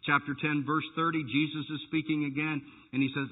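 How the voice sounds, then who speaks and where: Husky-voiced man preaching a lively sermon. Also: a little high, a little fast. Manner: animated preaching with playful jabs at the congregation. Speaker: pastor. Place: church sanctuary. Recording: tinny phone-like church recording.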